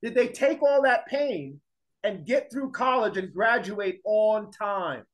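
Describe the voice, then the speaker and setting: High-voiced man lecturing a class. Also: animated, slow, low-quality recording. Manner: emphatic, repeats points, fires rhetorical questions at the class. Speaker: teacher.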